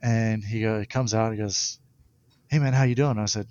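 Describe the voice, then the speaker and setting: A young man, a baseball pitcher, telling stories in a casual interview and laughing often. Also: steady tone, moderate pace, a little mellow, no room sound, muffled recording.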